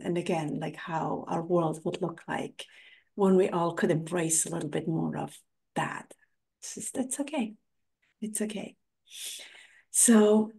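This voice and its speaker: A woman's voice: fairly low pitch, creaky, dark tone, slightly rough. A woman hosting a podcast in a casual interview chat, affirming her guest and often tagging "right?". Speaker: podcast host.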